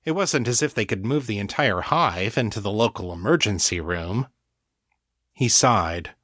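A man narrating fiction in an unhurried, expressive storytelling manner. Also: on the low side, dry recording, clean studio sound. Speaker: audiobook narrator.

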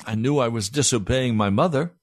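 A pastor telling a personal story in an animated sermon. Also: male voice, mid-range voice, fairly quick, no echo, clean studio sound.

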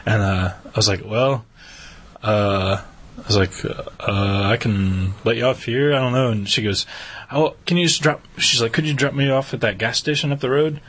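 A man's voice: medium pitch, normal speed, a bit bright, husky. A man co-hosting a podcast, chatting casually and acting out the dialogue of a story he tells. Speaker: podcast co-host. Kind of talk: casual chat.

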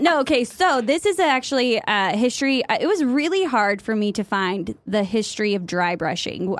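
A woman's voice: on the high side, dry recording. A young woman co-hosting a casual podcast, chatty and full of fillers and laughs. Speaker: podcast co-host. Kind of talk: casual chat.

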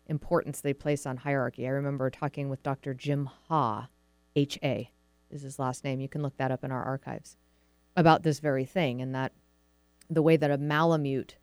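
A middle-aged woman with a Pacific Northwest American accent hosts a dog show, chatting casually and slipping into little acted-out voices. Her voice is smooth and a touch low. It is recorded close and dry. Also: darkish tone, dry recording. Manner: chatty, acts out quoted voices of dogs and owners. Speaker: podcast host, dog trainer. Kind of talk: casual explanatory talk.

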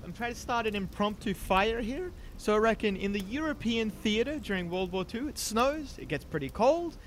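A man playing a tabletop horror game, describing his character's actions in an animated, rambling way. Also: high-pitched, moderate pace, a little hiss or hum. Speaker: player.

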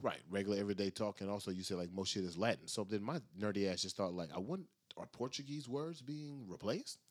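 A man co-hosting a casual podcast, animated and self-mocking, laughing often. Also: lowish voice, fast talker, dry recording. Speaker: podcast co-host. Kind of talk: casual chat.

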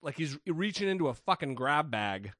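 A man co-hosting a podcast in a loose, profane way, joking and tripping over his words as he restarts sentences. His voice sits a little high. The recording is dry and close. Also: sing-song, normal speed, fairly bright tone, no echo. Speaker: podcast co-host. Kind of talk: casual skeptic podcast chat.

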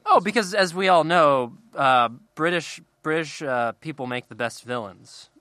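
A man's voice: a little high, lively intonation, unhurried, bright, forceful tone, dry recording, clean studio sound. A man co-hosting a podcast in casual chat, playful and joking. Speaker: podcast co-host.

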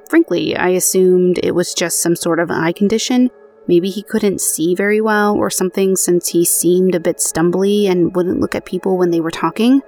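A woman with a fairly low voice hosts a spooky podcast, reading listeners' paranormal stories into a booth mic. She moves between steady reading and chatty, self-mocking asides. Soft music sits faintly underneath. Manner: conversational, self-deprecating asides. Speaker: podcast host. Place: home recording booth.

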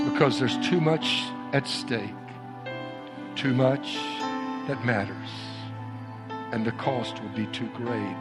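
A man preaching a sermon and leading a prayer in a church, emphatic and repetitive in his phrasing. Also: on the low side. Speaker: pastor. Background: soft instrumental music.

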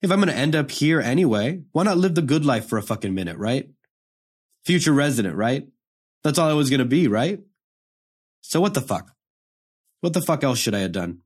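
A man's voice: medium pitch, expressive, fairly quick, pauses often, breathy edge. An actor playing a hardened young male prisoner, delivering a profane, confrontational dramatic monologue. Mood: bitter. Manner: profane, confrontational street talk.

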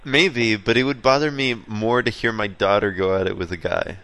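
A man's voice: lowish voice, steady tone, normal speed, fairly bright tone. A man co-hosting a casual comedic podcast chat, blunt and laid-back, laughing often. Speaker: podcast co-host.

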